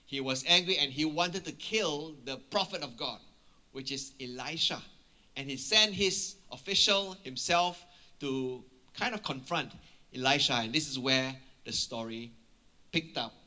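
A man preaching a sermon, retelling a Bible story in an animated way and often checking in with his listeners. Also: mid-range voice.

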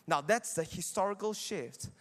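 High-voiced man teaching in a reverberant hall. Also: lively intonation, moderate pace. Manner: argumentative, often asks listeners "right?". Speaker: Bible teacher. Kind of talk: teaching sermon.

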